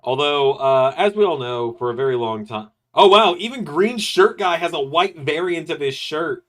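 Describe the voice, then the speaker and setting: A male streamer chats casually to his live audience. His voice sits a bit high, and he jokes with quick, animated asides between reactions. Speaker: streamer host.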